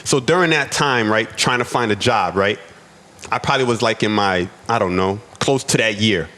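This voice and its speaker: A man's voice: lowish voice, moderate pace, sharp tone. A man from the United States, a podcast guest, telling his own story earnestly and often repeating words as he goes. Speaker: podcast guest, restaurant owner. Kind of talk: personal storytelling.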